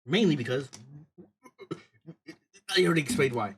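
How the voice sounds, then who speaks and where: A man streaming a story game, reading its dialogue aloud and commenting in an animated, profane, exasperated way. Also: a little high, normal speed, breathy edge.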